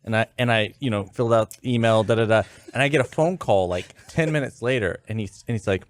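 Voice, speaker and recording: Rambling man in his thirties. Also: on the low side. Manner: rambling, halting, with many restarts. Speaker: podcast guest. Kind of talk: casual anecdote.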